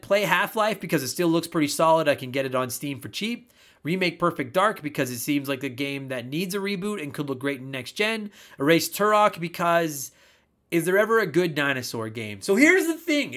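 Profane, animated male podcast host. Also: on the high side. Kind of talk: casual podcast monologue.

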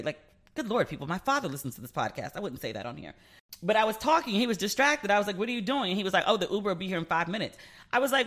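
A man's voice: high-pitched, bright, forceful tone. A man hosting a casual solo podcast, talking candidly, swearing freely and acting out both sides of past conversations. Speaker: podcast host; relationship advice podcaster.

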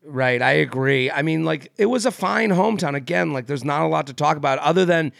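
Guy cohosting a podcast, fry in his voice, lots of likes and restarts, dry sound. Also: on the high side, a little fast, fairly bright tone, no room sound. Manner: rambling, many fillers and restarts, laughs often. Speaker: podcast co-host. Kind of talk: casual chat.

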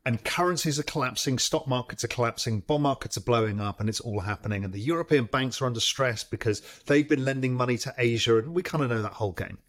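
A man of middle pitch tells a story as an interview guest, his voice sitting neither high nor low. He talks in bursts, restarts his sentences, and acts out the phone calls he remembers. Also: quick pace, hardly any pauses. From United Kingdom. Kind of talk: storytelling in a long-form interview.

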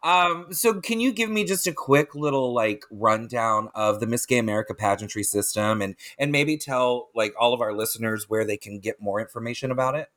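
A man's voice: mid-range voice, brisk, hardly any pauses, fairly bright tone. A man hosting a podcast, chatty and gushing, rambling into side stories and laughing often. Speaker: podcast host. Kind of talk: casual interview chat.

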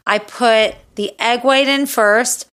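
A woman co-hosting a casual podcast, blunt and teasing, quick to call things gross. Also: fairly high pitch, steady tone, a bit bright, clear, resonant tone. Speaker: podcast co-host. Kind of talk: casual chat.

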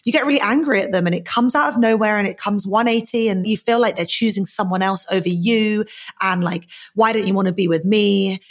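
A woman's voice: mid-range voice, fairly quick. A woman hosting a podcast, reflective in her talk and asking her guest questions. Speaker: podcast host. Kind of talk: podcast conversation.

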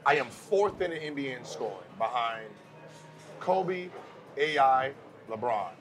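A man's voice: medium pitch, unhurried, music in the background. A man hosting a casual podcast chat, telling stories with energy and acting out the voices of the people he quotes. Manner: animated storyteller who acts out quoted voices. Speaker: podcast host.

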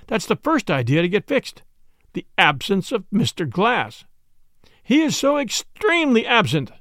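A man's voice: sits high, wildly swooping pitch, no room sound, clean studio sound, voice pushed up, full character voice. A man putting on Father Brown, a mild little priest. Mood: eager. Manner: gentle, placid, quick to explain. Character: mild, eager little male priest detective.

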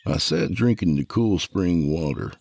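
A man narrating a first-person story with a gravelly, husky voice. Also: low voice, animated, measured pace, a little mellow, no room sound.

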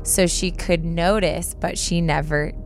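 A woman's voice: fairly low pitch, steady tone, unhurried, faint music behind. A young woman co-hosting a podcast, casually retelling a scary story with lots of filler words. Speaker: podcast co-host.

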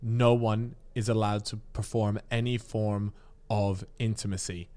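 A man in casual chat, telling a story with lots of slang and animated asides. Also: lowish voice, a little slow.

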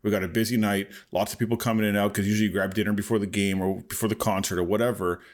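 A man's voice: fairly low pitch, little pitch movement, very fast. A man in his thirties, a podcast co-host, telling a story in casual chat and laughing often.

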